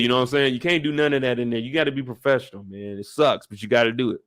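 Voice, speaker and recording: A man's voice: medium pitch, steady tone, rapid-fire, fairly bright tone. A young man casually recapping a TV episode in laid-back, slangy talk, laughing easily. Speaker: show recap YouTuber.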